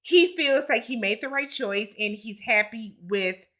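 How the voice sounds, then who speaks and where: A woman's voice: on the high side, a little slow, sharp tone. A woman giving a casual recap of a reality TV episode, with sassy, blunt commentary and slangy asides.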